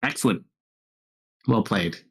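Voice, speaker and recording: A man narrating a tabletop game as game master, relaxed and laughing often. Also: on the low side, slow, husky.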